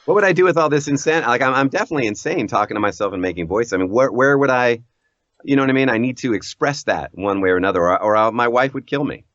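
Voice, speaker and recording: A man who works as a voice actor, chatting casually as an interview guest in an animated, self-deprecating way and laughing often. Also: mid-range voice, quick pace, no echo. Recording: dull lo-fi audio.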